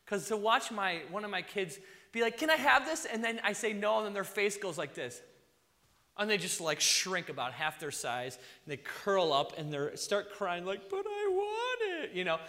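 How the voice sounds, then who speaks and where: A male preacher with a high, bright, lively voice delivers a sermon. He swings from loud emphasis down to soft near-whispers. A long hall reverb trails his words. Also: moderate pace. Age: young adult to middle-aged, a father.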